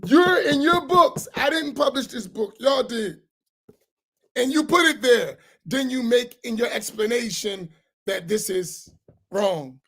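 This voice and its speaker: A man's voice: very high-pitched, lively intonation, a little slow, pushed and bright, husky. A man, an imam, teaching a religious class in a heated, sarcastic way full of rhetorical questions. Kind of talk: heated religious lesson, argumentative.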